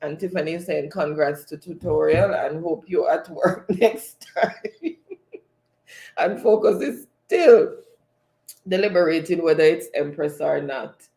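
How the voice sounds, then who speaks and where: A man's voice: a little high, unhurried, gravelly, darkish tone. A man with a Jamaican accent hosting a livestream quiz, reading chat aloud and laughing often.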